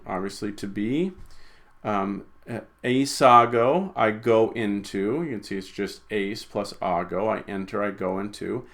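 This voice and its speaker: Guy teaching greek, kinda low voice, casual, says uh a lot and restarts his sentences. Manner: informal, hesitant, many fillers and restarts. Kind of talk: recorded language lesson.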